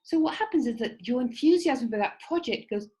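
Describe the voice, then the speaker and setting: A woman's voice: fairly high pitch, expressive, a little fast, mellow, poor audio. A woman teaching an online creativity workshop, giving instructions in an encouraging way and checking in with her listeners. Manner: encouraging, repeats "okay?" to check in; acts out quoted voices while telling a fable.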